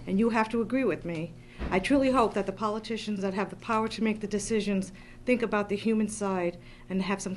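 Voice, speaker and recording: Earnest woman reading a prepared public comment, faint background hum. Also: medium pitch. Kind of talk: public comment at town meeting. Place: town hall meeting room.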